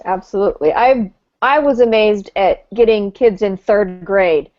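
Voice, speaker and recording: A woman's voice: mid-range voice, measured pace, dry recording. A woman, an elementary teacher hosting a casual video call discussion, talking in an earnest, rambling way with fillers and restarts. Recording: dull dry video call audio.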